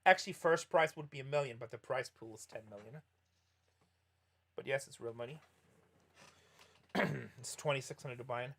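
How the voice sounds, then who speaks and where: A middle-aged man streams poker and chats casually with viewers, rambling through stories and correcting himself often. His medium-pitched voice is creaky, a bit bright and breathy, at normal speed with long pauses.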